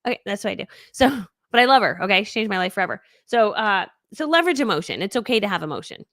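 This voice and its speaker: A woman teaching during a live stream, talking energetically with big upbeat leaps in pitch and thinking aloud while she fumbles with her screens. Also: lively intonation, fast talker, fairly bright tone, no room sound, studio quality. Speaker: online business coach.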